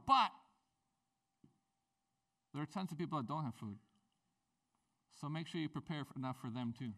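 Animated male pastor preaching from afar. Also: a little high, moderate pace, long pauses, distant mic. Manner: conversational, animated preaching with playful asides. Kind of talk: sermon.

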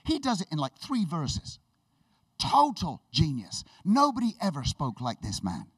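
A man preaching a sermon with enthusiastic, animated storytelling, laughing and restarting as he goes. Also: fairly high pitch, a little slow, husky, no echo, far from the mic.

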